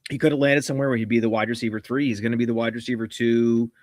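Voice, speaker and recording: A man of middle pitch weighing in as a fantasy analyst on a live stream. He speaks in short, measured statements. The sound is dry and close. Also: level tone, a little mellow, no echo. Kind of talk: live draft reaction.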